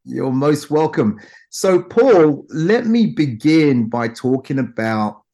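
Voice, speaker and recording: A man who is a business coach, hosting a podcast interview with a formal, drawn-out welcome. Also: on the high side, big pitch swings, mellow. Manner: formal welcoming intro with stretched emphasis.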